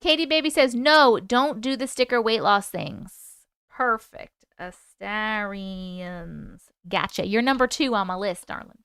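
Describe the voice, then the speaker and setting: A woman chats her way through a casual live stream, reading viewers' comments out loud and thanking them for gifts. She speaks a little slowly in a mid-range voice that's fairly bright and clean, recorded dry in a clean studio.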